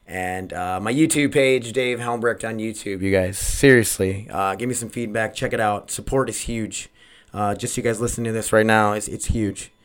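Male podcast host, solo, casual and self-deprecating, rambles and loses his thread, low-to-mid voice, home mic. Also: steady tone, normal speed, clear, resonant tone. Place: home recording setup. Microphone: desk microphone.

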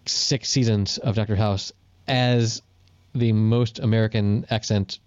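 Low guy chatting on a podcast, animated stories, dry dull-sounding mic. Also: a little slow, clean tone, no echo. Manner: animated storyteller, jumps up in pitch for quoted voices. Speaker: podcast co-host. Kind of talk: casual chat.

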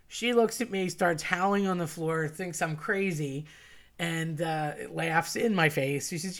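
A woman casually telling a funny personal story, chatty and animated, quoting friends and family in dialogue. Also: lowish voice, a little slow. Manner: chatty and animated, quotes others in dialogue, laughs at herself.

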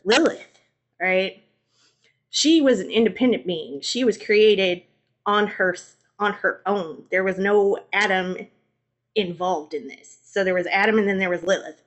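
A young woman co-hosting a podcast, retelling old stories in an animated, slangy, comedic way. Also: medium pitch, moderate pace. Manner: animated, slangy, acts out voices. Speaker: podcast co-host. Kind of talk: comedic storytelling.

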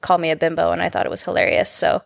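A young woman from the United States, a podcast guest chatting casually, animated, swearing freely and laughing often. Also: lowish voice, racing, vocal fry, no room sound, studio quality. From American. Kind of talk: casual chat.

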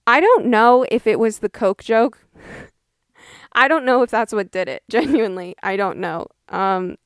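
Chatty wry young woman, smooth dry voice. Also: a little high, unhurried, dry recording. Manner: chatty, wry, quoting people in exaggerated voices. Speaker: podcast host. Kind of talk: casual storytelling monologue.

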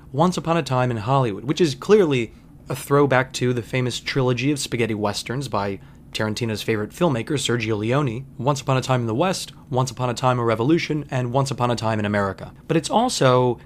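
A man hosting a podcast, talking through film analysis in a wry, conversational monologue full of asides. His voice sits at an ordinary middle pitch. A faint hiss of noise runs under the recording. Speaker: podcast host.

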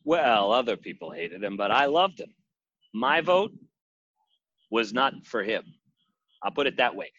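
Husky, lively deadpan storyteller man. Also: mid-range voice, measured pace, long pauses, no room sound, dull audio. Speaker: comedian in character as a wrestling caterer. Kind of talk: improvised comedic storytelling.

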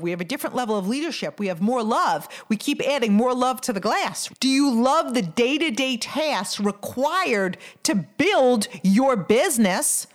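A middle-aged woman hosting a motivational podcast, talking with energy and firing off rhetorical questions. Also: high voice. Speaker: podcast host.

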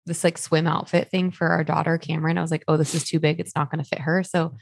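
A young woman with a fairly low, gravelly voice co-hosts a podcast in a relaxed, chatty way. She tells stories freely and peppers them with fillers. The recording is close and dry. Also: fast talker, no echo. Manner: chatty, storytelling with many likes. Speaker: podcast co-host. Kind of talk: casual chat.

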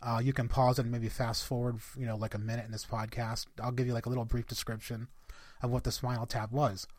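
A man's voice: medium pitch, level tone, fast talker, a little mellow, no room sound, studio quality. A man hosting a podcast, telling a personal story to his listeners in a loose, chatty way with plenty of fillers. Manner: conversational, addresses listeners as guys, many fillers. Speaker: podcast host.

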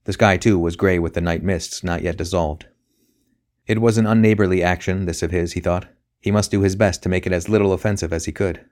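Deep-voiced male audiobook narrator. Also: fairly even intonation, fairly quick, darkish tone. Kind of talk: scripted narration.

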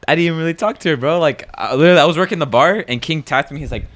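Socal dude in his 20s, talks fast, rambles and cusses, just chatting on a podcast. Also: a little high, fairly bright tone. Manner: rambling storyteller, swears a lot, slangy. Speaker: podcast co-host. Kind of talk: casual chat.

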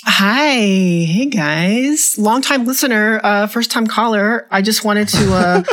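A guest comedian with a sultry, purring voice in the middle range. The jokes come out deadpan, in relaxed podcast chat. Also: medium pitch, takes it slowly. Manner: deadpan joking. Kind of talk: casual chat, comic bits.

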